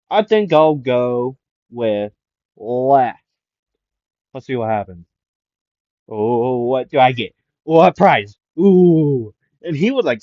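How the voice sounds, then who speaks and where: A man's voice: mid-range voice, darkish tone, no room sound. A man casually narrating a playful what-if story, rambling with fillers, on a dull, dry recording. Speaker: anime YouTuber.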